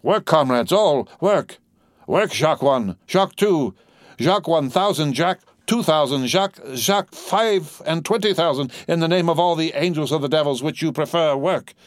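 A man voicing a fierce male revolutionary leader who runs a wine shop, giving commanding, rousing shouts in a storybook reading. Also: mid-range voice, big pitch swings, fairly quick, few pauses, no echo, studio quality, pitched above the performer's own voice.

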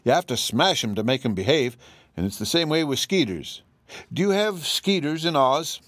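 A man's voice: fairly high pitch, animated, normal speed, fairly bright tone, dry recording, voice pushed up. A man reading an audiobook, voicing a plainspoken older farm woman with a homely, blunt manner.

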